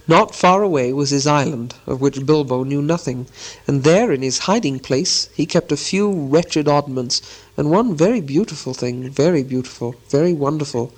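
A man reading an audiobook aloud with measured, expressive storytelling. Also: on the high side, poor audio. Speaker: narrator. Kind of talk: scripted audiobook narration.

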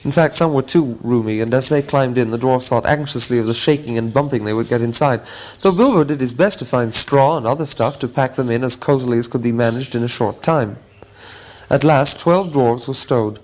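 Man, audiobook narrator, mid-pitched voice, measured, gently wry, storybook reading. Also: rough recording. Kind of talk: scripted narration.

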